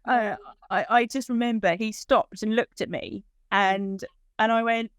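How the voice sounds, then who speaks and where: A woman's voice: a little high, a little slow, clear, resonant tone, dry recording, studio quality. Woman retelling an emotional story. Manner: animated retelling with quoted dialogue, voice lifting when moved. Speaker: dog owner telling her story.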